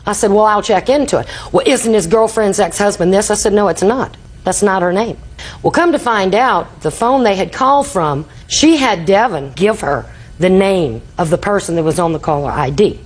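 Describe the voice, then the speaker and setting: Husky older woman telling a long story. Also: mid-range voice, lively intonation, moderate pace, rough recording. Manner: rambling storyteller, acts out quoted dialogue. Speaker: litigant. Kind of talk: courtroom testimony. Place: TV courtroom.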